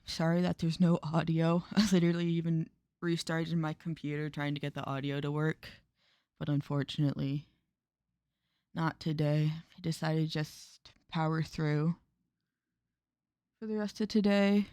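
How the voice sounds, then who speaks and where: A relaxed woman streamer chats over a story game at home, quietly amused and casually crude. Her voice sits low and mellow. The sound is close and dry from a desk mic. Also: normal speed, smooth, no echo. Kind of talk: casual let's-play chat.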